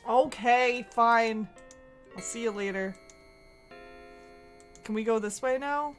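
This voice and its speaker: A woman's voice: on the high side, faint music behind. Playful woman streaming a game. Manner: giggly and playful, quick asides. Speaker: livestreamer. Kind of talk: casual game commentary.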